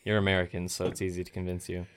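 A man's voice: low voice, completely flat delivery, very fast, smooth. A man joking around in casual podcast chat, laid-back and swearing.

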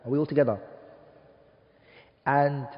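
A man's voice: medium pitch, steady tone, a little slow. Emphatic man teaching a class, reverberant room. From United Kingdom. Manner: emphatic, asks the class rhetorical questions; mixes Arabic terms into English speech. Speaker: teacher of an Arabic studies class. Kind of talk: classroom lecture. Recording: dull, reverberant classroom recording.

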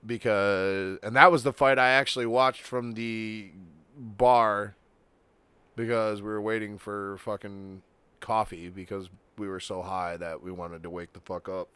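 A man co-hosting a casual fight-sports podcast, joking and swearing freely in relaxed banter. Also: fairly low pitch, a little slow, smooth, dry recording. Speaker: podcast co-host. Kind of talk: casual chat.

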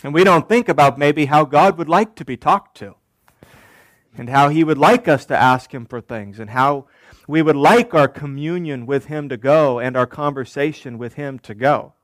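A man preaching a sermon as pastor, deliberate, repeating key phrases and asking the congregation rhetorical questions. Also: on the high side, dry recording.

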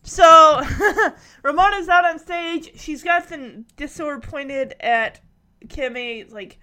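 A woman recapping a TV show in a casual vlog, animated and laughing often. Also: sits high, takes it slowly.

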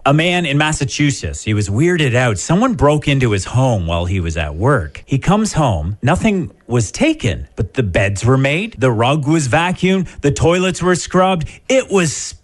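A man's voice: mid-range voice, very animated, measured pace, few pauses. A man co-hosting a radio show, reading odd news stories with jokey banter.

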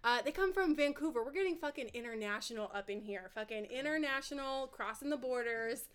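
A woman co-hosting a podcast in casual chat, excitable and loud, laughing often as she talks into a microphone. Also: high-pitched, brisk, clear, resonant tone. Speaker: podcast co-host. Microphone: studio microphone.

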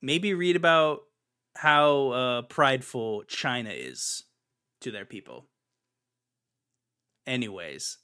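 A man's voice: mid-range voice, expressive, slow, long pauses, sharp tone, clean tone. A young adult man hosting a podcast, chatting casually and ranting emphatically, repeating his points. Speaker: podcast host.

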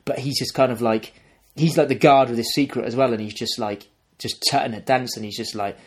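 Man, husky voice, mid-pitched, casual podcast chat, rambling storyteller. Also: a little fast. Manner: rambling, animated storyteller acting out characters. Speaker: podcast co-host. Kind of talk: casual chat, retelling a film plot.

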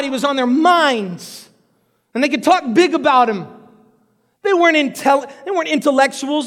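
High-voiced preacher in a reverberant hall. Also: male voice. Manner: animated, acts out Bible scenes in quick voices. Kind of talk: sermon.

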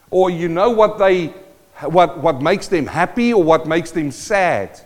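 A man preaching a sermon, quoting scripture and building emphatically in intensity. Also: high-pitched. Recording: long reverb of a large hall.

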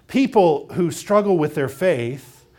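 A man's voice: on the high side, takes it slowly. A man preaching a sermon as pastor, retelling a story expressively and acting out its voices. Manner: expressive storytelling, acts out quotes.

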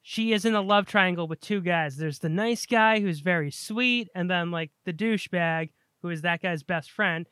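A man co-hosting a casual chat about movies, eager and rambling, tripping over repeated words when excited. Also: high voice, normal speed, hardly any pauses, clean tone, no echo, studio quality. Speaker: podcast co-host.

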